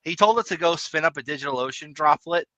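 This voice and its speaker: A man co-hosting a casual tech podcast, talking in long, animated rambles and laughing often. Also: fairly high pitch, fast talker, no echo, muffled recording. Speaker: podcast co-host.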